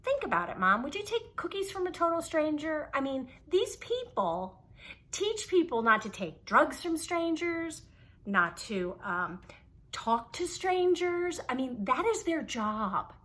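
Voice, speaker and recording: A woman casually telling a story to camera, animated and exasperated, acting out the people she quotes. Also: high voice, a little slow. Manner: animated, acts out quoted voices. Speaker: vlogger.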